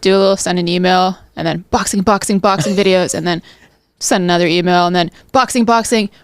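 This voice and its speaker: A woman chatting on a comedy podcast in a soft, laid-back way that often trails off. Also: on the low side, steady tone, fairly quick, no room sound, clean studio sound. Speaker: podcast guest. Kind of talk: casual chat.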